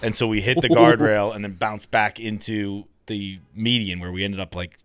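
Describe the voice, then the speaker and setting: Low-voiced man from Massachusetts, dry close sound. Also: little pitch movement, normal speed, smooth, no room sound. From Fall River, Massachusetts. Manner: rambling storyteller, laughs at himself. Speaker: podcast guest. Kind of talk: casual chat.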